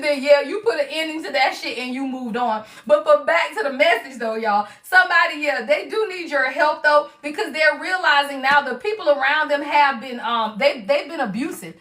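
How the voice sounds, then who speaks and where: A woman's voice: high-pitched, fairly bright tone, reverberant, far from the mic. A woman doing a casual live-streamed tarot reading, slangy and laughing often as she talks to her viewers. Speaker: tarot reader.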